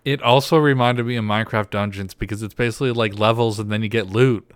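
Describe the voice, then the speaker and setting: A man's voice: fairly low pitch, fairly even intonation, fast talker, clear, resonant tone, no room sound. A man co-hosting a podcast in casual chat, rambling and teasing his co-host.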